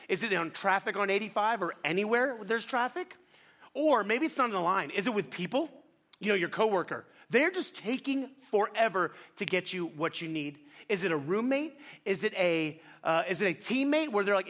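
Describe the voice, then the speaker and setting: A middle-aged male pastor preaching a sermon in a lively, self-deprecating storytelling manner, talking fast and animated. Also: high voice.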